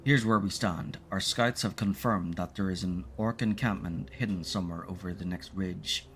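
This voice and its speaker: A man's voice: sits low, moderate pace, a bit bright, slight background noise. A man reading out the lines of an eager, brash young prince, with small stumbles.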